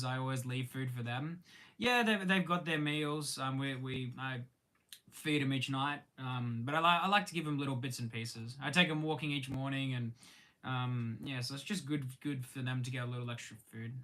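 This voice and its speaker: Chatty young Australian man, bright voice. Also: medium pitch. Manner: rambling and halting, many ums and restarts, talks while eating; friendly, greets viewers by name. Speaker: live streamer. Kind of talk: casual live-stream chat.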